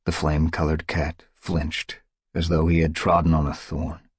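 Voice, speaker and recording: A man narrating an audiobook in a dramatic, measured way. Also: extremely low pitch, completely flat delivery, husky, no echo, clean studio sound. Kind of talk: scripted narration.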